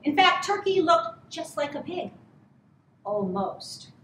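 A woman gently and expressively reading a picture book aloud to children. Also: sits high, big pitch swings, takes it slowly, a little hiss or hum. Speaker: children's story reader. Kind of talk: storybook read-aloud for children. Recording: roomy, from a distance.

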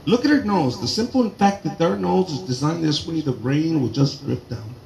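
Male stand-up comic, loud and animated, lively swooping voice, echoey room with crowd laughter. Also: fairly high pitch, moderate pace, creaky. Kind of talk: stand-up comedy set. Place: garage show with live audience. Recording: roomy garage with crowd laughter.

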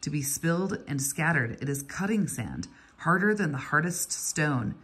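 A woman reading aloud, voicing a kindly, wry old male stonecutter in a storybook, with a low, slightly husky voice. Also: animated, moderate pace, a bit bright, heavily acted. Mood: warning.

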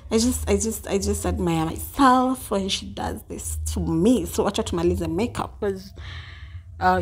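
A woman's voice: mid-range voice, husky. Bubbly young Kenyan woman vlogging. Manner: bubbly, mixes English and Swahili, giggly. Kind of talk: casual vlog chat.

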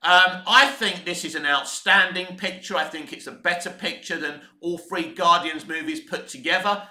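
A man's voice: on the high side, sharp tone, reverberant. A man giving an opinionated, enthusiastic film review in casual spoken commentary, swearing now and then. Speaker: movie reviewer.

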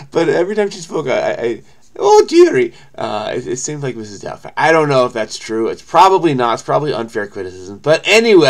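A man hosting a crossword video, thinking aloud in a frenetic way and often muttering or trailing off as he works through the clues. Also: mid-range voice. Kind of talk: thinking aloud while solving a puzzle.

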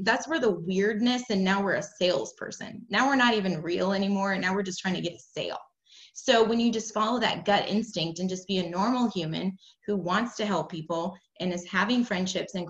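A woman leads her sales team in a casual coaching talk, chatty and upbeat. She keeps checking in with "right?" and acts out the quoted lines with sudden bursts of excitement. The call audio is slightly dull and echoey. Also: medium pitch. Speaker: team leader coaching sellers.

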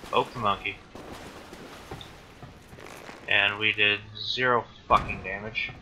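A man's voice: on the low side, fairly even intonation, normal speed, sharp tone, a little hiss or hum. A man giving casual gameplay commentary, swearing often and rambling in exasperation at the game. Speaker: let's play gamer.

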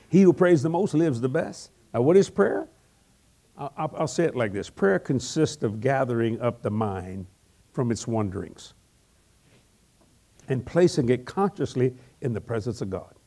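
An older man preaching an evangelism sermon, telling humorous stories in a folksy, animated way and often repeating words. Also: medium pitch.

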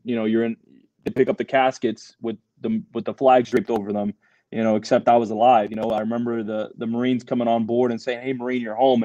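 A man's voice: on the low side, dark tone, no echo, muffled recording. A young man, a Marine veteran, telling his story as a podcast guest, loose and full of fillers and swearing. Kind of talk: casual storytelling interview.

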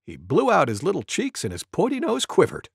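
A storyteller reading a children's picture book aloud with an expressive, animated delivery. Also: medium pitch, fairly quick, vocal fry, slightly rough, no echo, clean studio sound. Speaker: storybook narrator.

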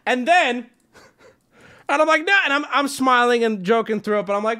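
Streaming to his chat, this young adult man recounts a story at normal speed with long pauses, his voice pushed, bright and smooth. He swears casually and breaks into high yelps when quoting what he said.

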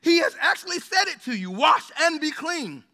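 A man preaching a sermon, impassioned and rising to shouts, with joking asides to the congregation. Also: very high voice, sing-song, moderate pace. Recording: long hall reverb.

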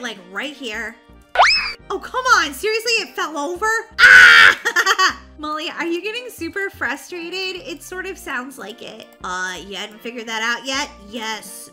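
Bubbly high-voiced woman gaming. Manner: excitable, bubbly and easily exasperated. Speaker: gaming channel host. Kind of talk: casual gameplay chat.

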